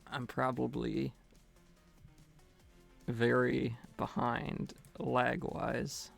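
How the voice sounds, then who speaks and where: A man's voice: mid-range voice, little pitch movement, extremely slow, gravelly, faint music behind. A young man live-streaming a game, chatting casually in a nervous, rambling, self-mocking way.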